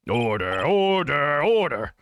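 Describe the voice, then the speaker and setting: A man's voice: fairly high pitch, big pitch swings, slow pace, noisy background, full character voice. A man voicing a stern older judge calling for order in a game. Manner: gruff, commanding.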